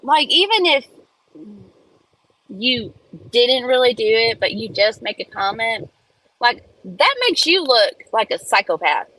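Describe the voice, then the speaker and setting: Slow, blunt, profane woman ranting from her car. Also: a little high, very animated, sharp tone, poor audio. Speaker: livestream host. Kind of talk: casual livestream rant. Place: in a parked car in a school pickup line. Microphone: phone.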